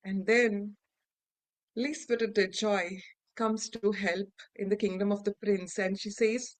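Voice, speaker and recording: A woman with an Indian English accent telling a fairy tale aloud to adults, acting out the characters' lines with lively shifts in pitch and loudness. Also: a little slow, no echo, rough recording. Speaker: storyteller. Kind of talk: oral fairy-tale storytelling.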